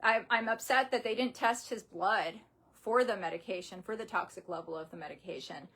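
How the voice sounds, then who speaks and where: A young adult woman telling a painful personal story in a halting, upset way, full of restarts and fillers, grieving and close to tears. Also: medium pitch, a bit bright, breathy edge. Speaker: vlogger.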